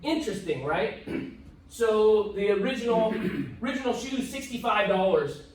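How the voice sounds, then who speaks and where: A man speaking at a live seminar, telling an animated story and acting out both sides of the dialogue. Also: sits high, unhurried. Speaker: motivational speaker. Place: event hall with live audience. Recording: echoey hall, voice from far off.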